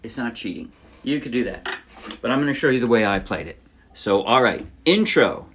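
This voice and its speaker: A man teaching a song on ukulele in a relaxed, casual way, often correcting himself as he explains. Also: mid-range voice, normal speed, slightly rough. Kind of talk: casual instructional talk. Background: his own ukulele playing.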